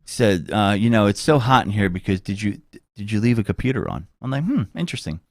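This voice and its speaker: Low-pitched guy rambling on his podcast, swears a lot, dry close mic. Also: lively intonation, fairly quick, creaky, darkish tone, no room sound. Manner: rambling, swears freely, does mocking voices. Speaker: podcast host. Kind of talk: casual podcast chat.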